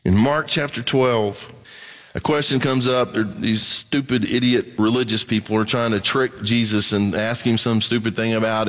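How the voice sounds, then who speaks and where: A pastor preaching a conversational sermon, moving between quiet asides and excited emphasis. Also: male voice, lowish voice, normal speed, in a large hall.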